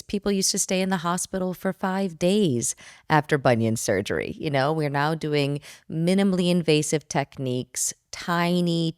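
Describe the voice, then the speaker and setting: A woman's voice: sits low, a little mellow, smooth, no echo, clean studio sound. A woman foot surgeon explaining in a plain-spoken, matter-of-fact way on a podcast. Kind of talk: podcast conversation.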